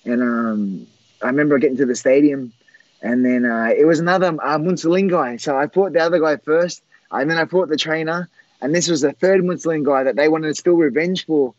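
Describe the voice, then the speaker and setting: A man in his forties, a former fighter, tells a long story at an easy, rambling pace. His voice sits a little high for a man and keeps stopping on "uh" and "um" to restart. The sound is dry and a bit muffled, like a lo-fi recording. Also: dry recording. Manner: rambling, halting with many fillers and restarts. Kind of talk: casual storytelling.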